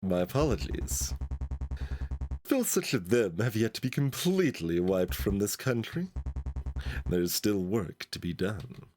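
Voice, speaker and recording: A man voicing a stern woman knight who speaks low, slow and menacing. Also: very animated, darkish tone, soft background music. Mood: grave.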